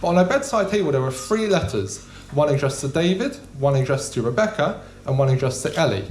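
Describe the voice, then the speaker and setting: A young man doing a stand-up comedy set in a small club, deadpan and casual with frequent ums. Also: on the high side, fairly quick, a little hiss or hum. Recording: echoey room.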